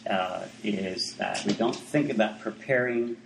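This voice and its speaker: Conversational preacher in an echoey room. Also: male voice, lowish voice, measured pace, gravelly, slight background noise. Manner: conversational, many asides and restarts. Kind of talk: sermon.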